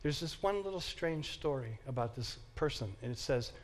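A man teaching a Bible class in a lively, joking way, acting out the story for his listeners. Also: medium pitch, moderate pace. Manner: animated, joking, acts out the story.

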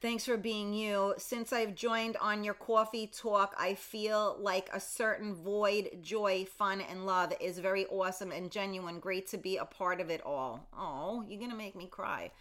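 A woman's voice: medium pitch, fairly even intonation, a little slow, hardly any pauses. A middle-aged woman hosting a morning livestream, chatting casually and reading out viewer comments. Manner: chatty, warm greetings to viewers, reads comments aloud. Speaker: livestream host.

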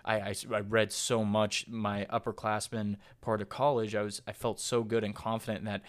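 A man's voice: fairly low pitch, flat delivery, normal speed. A young man in his twenties hosting his own podcast, talking in a casual, earnest monologue that rambles and restarts. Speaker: podcast host.

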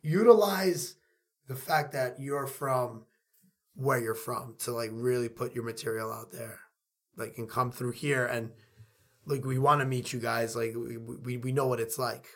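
Excitable Queens-accented man. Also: mid-range voice, unhurried. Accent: Queens, New York. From New York. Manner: excitable, rambling, repeats words. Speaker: podcast co-host, filmmaker. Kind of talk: casual chat.

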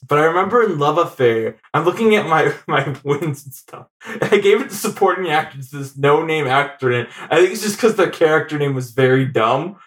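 Male co-host on a film podcast, laughing often. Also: on the high side. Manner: laughs often, animated and chatty. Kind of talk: casual film podcast chat.

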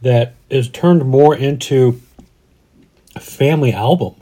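Mellow-voiced man in his forties, rambling. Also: medium pitch, slow, husky. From Denver, USA. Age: 40s. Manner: rambling, restarts often, reflective. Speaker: podcast co-host. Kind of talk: casual chat.

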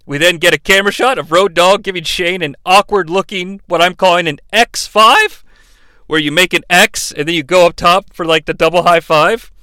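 A man's voice: high-pitched, moderate pace, pushed and bright, clean tone, dry recording. A man hosting a comedic wrestling recap podcast, sarcastic and profane. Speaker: podcast host.

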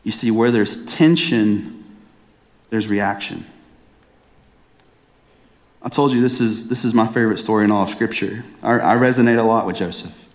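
A man's voice: on the low side, normal speed, pauses often. A man in his thirties preaching a sermon as a pastor, telling a personal story in an earnest, conversational way and often restarting his phrases. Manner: earnest, conversational storytelling with frequent repeated starts.

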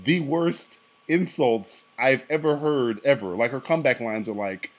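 A man's voice: mid-range voice, a little slow. A man in casual podcast chat reviewing a movie, rambling, laughing often, swearing and acting out lines from the film. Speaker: podcast co-host.

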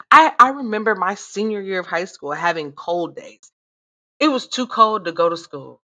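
Woman, 30s, casual profane chat, animated venting; middle pitch. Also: normal speed. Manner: animated, swearing, laughing often.

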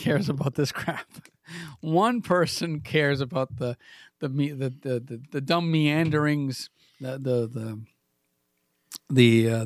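A man's voice: fairly high pitch, no echo, studio quality. A man in his forties hosting a comedy podcast, rambling and self-mocking, trailing off into stammered restarts. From New England. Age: 40s. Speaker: podcast host.

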